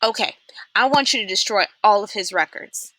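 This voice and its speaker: A woman voicing a cold, menacing female camp warden in a read-aloud, asking clipped, probing questions in a bright voice. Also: fairly high pitch, animated, moderate pace, dry recording, pitched above the performer's own voice.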